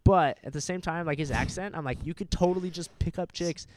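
A man's voice: fairly high pitch, brisk, darkish tone, a little hiss or hum. A young man chatting casually as a co-host, rambling through crude, jokey stories. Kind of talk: casual chat.

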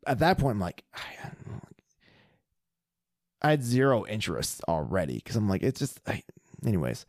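A low-pitched young man chatting on a podcast, his voice rising and falling a lot as he rambles through a bar story. He swears freely and fills his speech with "like" and "you know." The sound is dry and close, with no room around it. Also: sing-song, moderate pace, a little mellow, dry recording. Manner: loose, profane, storytelling with lots of fillers. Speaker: podcast co-host. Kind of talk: casual chat.

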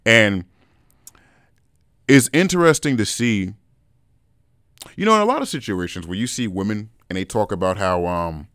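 A man's voice: on the low side, expressive, moderate pace, long pauses, a bit bright, no echo, clean studio sound. A young man hosting a podcast in a casual, frank chat, talking straight to his listeners and calling them bro. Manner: laid-back, frank, calls listeners bro. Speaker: podcast host.

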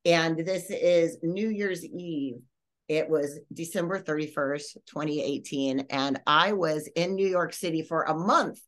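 A woman podcast host telling a story in a rambling, animated way, full of fillers and restarts. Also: low-pitched, a little slow. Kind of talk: casual storytelling.

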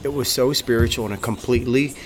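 Young male coach, mid-pitched, fervent and profane, casual podcast talk in a gym. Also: steady tone, quick pace. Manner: fervent, swears freely, repeats words when worked up.

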